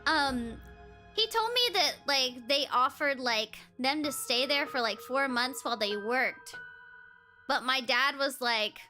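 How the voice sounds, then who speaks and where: A woman's voice: high-pitched, expressive, measured pace, bright, forceful tone. A young woman in her twenties streaming as a VTuber, chatting casually and giggling often. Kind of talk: casual livestream chat. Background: faint background music.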